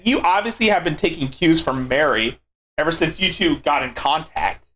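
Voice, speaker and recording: A man's voice: on the high side, very animated, moderate pace, sharp tone. A man hosting a live stream commentary, mocking and sarcastic, saying he is losing his voice.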